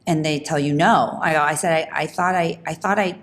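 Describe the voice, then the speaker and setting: A woman hosting a podcast, telling a personal story in an animated, emphatic way, with quick restarts. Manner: animated, fast talking with frequent restarts; emphatic, rising pitch when indignant. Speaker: podcast host.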